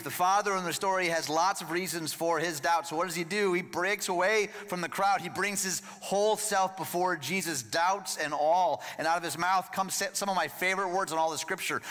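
A man preaching a sermon in a conversational, emphatic way, dropping to a hush and then lifting again. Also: high voice, moderate pace. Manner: conversational, emphatic, swings between hushed and lively. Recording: long reverb of a large room.

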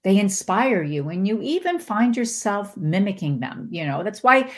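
A woman guest giving a motivational talk on spirituality, animated, her pitch often jumping into quoted voices. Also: normal speed. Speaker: podcast guest, spiritual teacher.

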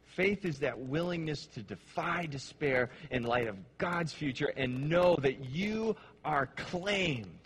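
A male pastor preaching a sermon with passion, dropping to hushed, slow phrases and then rising to emphatic ones. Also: a little high, animated, slight background noise. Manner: impassioned, swings between hushed and emphatic.

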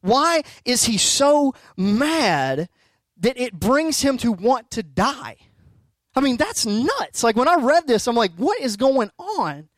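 A man's voice: extremely high pitch, big pitch swings, takes it slowly, fairly bright tone, no room sound. A middle-aged man preaching a sermon as a pastor, conversational and emphatic, asking rhetorical questions.

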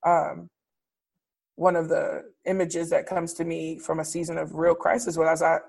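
A woman preacher and teacher reflecting candidly in conversation, animated and expressive, laughing often. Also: low-pitched, unhurried, vocal fry.

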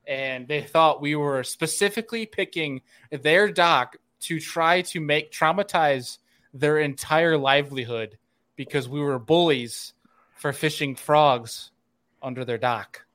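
A man in casual chat, telling a fishing story in an animated way and laughing often. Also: a little high, unhurried.

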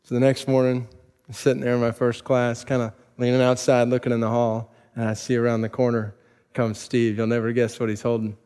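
A man's voice: medium pitch, monotone, fairly quick, warm tone, clean tone. Man preaching in a reverberant hall. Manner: storytelling, builds to emphatic preaching. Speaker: pastor. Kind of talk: sermon with personal stories. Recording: long reverb of a large hall.

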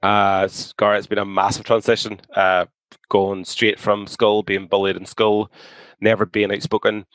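A man's voice: fairly low pitch, monotone, measured pace, fairly bright tone, clear, resonant tone, no room sound, rough recording. A young man speaking candidly as a podcast guest, blunt and outspoken, swearing freely. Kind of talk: candid conversation.

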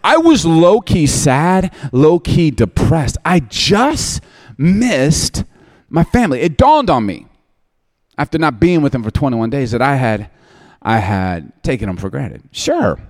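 Lively, joking pastor. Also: male voice, a little high, a little slow. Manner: humorous, self-deprecating, candid; animated, often laughing. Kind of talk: storytelling sermon.

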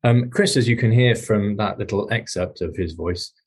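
A man with a received pronunciation English accent hosts a professional podcast. His voice sits low and a little husky. He talks in a measured way, pausing with ums and restarting phrases. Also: darkish tone. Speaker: podcast host, employment lawyer. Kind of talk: hosted podcast discussion.

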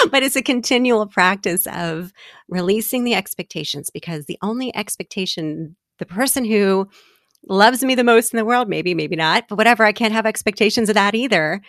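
A woman in an easygoing conversation, sharing personal stories with frequent laughter and lively acted-out dialogue. Her voice sits at a middle pitch. The sound is close and dry, with no room echo. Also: normal speed. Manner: animated, laughs often, acts out dialogue. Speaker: guest. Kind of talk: reflective conversational storytelling.

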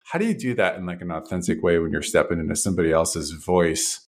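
Male podcast host, low voice, rambling hedged questioner. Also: fast talker. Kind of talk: casual podcast interview.

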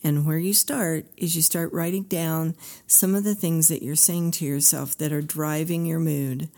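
Low, gravelly woman therapist telling a story. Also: fairly even intonation, moderate pace, mellow. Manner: earnest, acts out dialogue. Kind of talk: storytelling talk.

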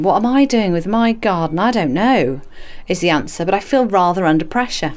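A woman's voice: mid-range voice, expressive, unhurried, slight background noise. A woman hosting a gardening podcast from her greenhouse, chatty and self-mocking with playful asides. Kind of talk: casual gardening podcast chat. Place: garden and small greenhouse, outdoors.

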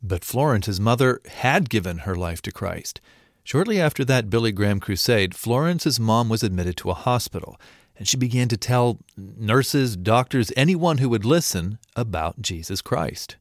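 A man giving scripted radio narration in a steady, matter-of-fact way. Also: on the low side, moderate pace, dry recording, clean studio sound. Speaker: program narrator.

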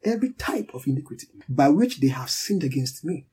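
Emphatic preacher man with a dark tone. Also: fairly high pitch, big pitch swings, brisk, husky. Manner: emphatic, repeats key words, leads a prayer line by line. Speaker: pastor. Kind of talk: sermon with congregation responses.

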